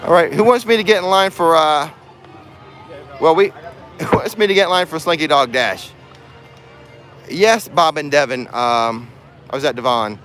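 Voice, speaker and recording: A man's voice: a little high, normal speed, pauses often, fairly bright tone. Man, chatty livestream host, joking with viewers, outdoors, music playing behind. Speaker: vlogger host. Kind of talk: casual livestream chat. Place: outdoors in a theme park.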